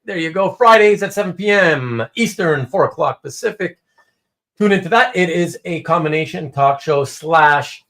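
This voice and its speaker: A man with a high, very lively voice hosts a relaxed live stream from home. He chats with viewers by name and tells stories in an animated way, voicing each person's lines as he goes. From Canada. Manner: animated storytelling, acts out quotes. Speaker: host.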